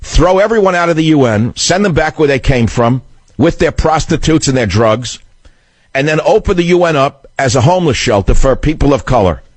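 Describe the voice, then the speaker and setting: A man's voice: fairly high pitch, animated, a little fast, dry recording. A man hosting a political talk radio show, delivering a combative, sarcastic monologue into a studio microphone. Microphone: studio broadcast mic.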